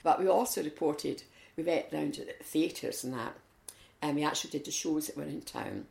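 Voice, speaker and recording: A Scottish woman chats through her stories in a low, gravelly voice, acting out the lines of the people in them. The sound carries a roomy echo. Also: moderate pace. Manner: lively storyteller, acts out quotes. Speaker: interviewee, community volunteer. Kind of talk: chatty anecdotal interview. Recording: echoey room.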